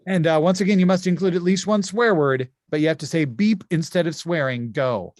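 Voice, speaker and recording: A man with a notably high voice hosts a comedy insult game from home over a video call. He is chatty and full of quick asides. The sound is dry, with no room echo. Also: a little mellow. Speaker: game show host. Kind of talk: casual improv game hosting.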